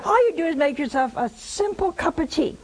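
A woman's voice: high voice, lively intonation, brisk, a little mellow, low-quality recording. A woman hosting a religious call-in show, preaching with emphasis, repeating her points and adding scornful asides. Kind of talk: religious preaching and answering callers.

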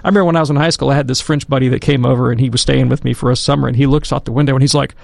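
A man's voice: mid-range voice, fairly even intonation, very fast, vocal fry, no room sound. A man answering questions as a theologian on a talk program, chatty and digressive, grew up in Alabama. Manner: chatty, digressive, playful storytelling. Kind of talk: casual radio talk.

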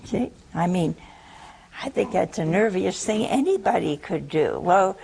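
An older woman preaching a sermon, humorous and animated, acting out the quotes she tells. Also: on the low side, a little slow, gravelly, slight background noise.

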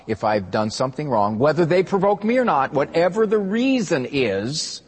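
A man's voice: a little high, very animated, normal speed, husky. A man co-hosting a talk show, asking earnest, reflective questions in casual conversation. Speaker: co-host. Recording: long hall reverb.

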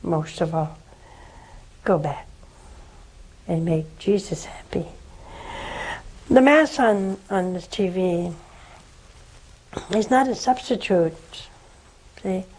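An older woman speaks slowly and gently as a nun hosting a religious call-in program. She counsels with tender, pleading warmth and lingers on her words. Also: fairly low pitch, lively intonation, poor audio. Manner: slow, tender, preaching.

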